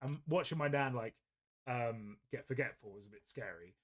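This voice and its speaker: A man's voice: mid-range voice, normal speed. A man, casually chatting and telling rambling stories while hosting a painting stream, laughing often. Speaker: host of a painting livestream. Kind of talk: casual chat. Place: indoors at painting desk.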